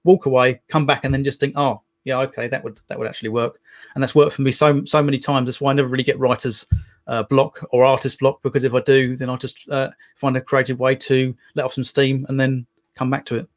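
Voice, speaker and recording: Fast-talking man, rambling poet. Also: mid-range voice, level tone. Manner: rambling, many restarts and fillers. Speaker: poet guest. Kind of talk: casual interview talk.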